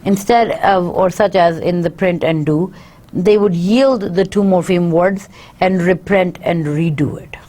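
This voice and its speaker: Low-voiced woman giving a lecture. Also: steady tone, measured pace, mellow. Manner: explains each point twice, many fillers. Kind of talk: university lecture, reading and paraphrasing.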